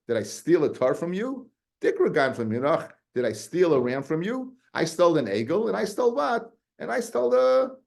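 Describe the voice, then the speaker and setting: A man teaching a casual Talmud class, animated and often repeating words as he explains. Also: mid-range voice.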